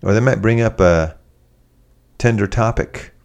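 Male preacher, low gravelly voice, animated conversational sermon delivery. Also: unhurried. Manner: animated, acts out quoted voices.

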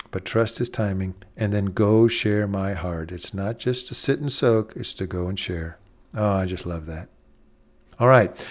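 A man with a lowish voice preaches a sermon earnestly, slowing down, pausing, and dropping soft on key phrases.

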